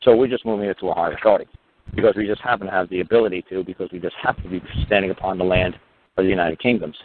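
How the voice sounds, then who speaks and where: A man's voice: sits low, steady tone, rapid-fire, slight background noise. Profane man ranting down a phone line. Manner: profane, emphatic, mimics others in a raised voice. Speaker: radio talk host. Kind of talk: casual storytelling monologue. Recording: tinny phone-line audio.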